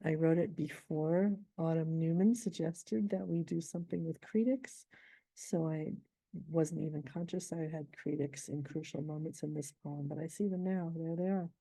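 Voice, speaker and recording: A middle-aged woman poet, reading her poem slowly and then explaining its meter in a thoughtful, measured way. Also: low voice, mellow, no echo.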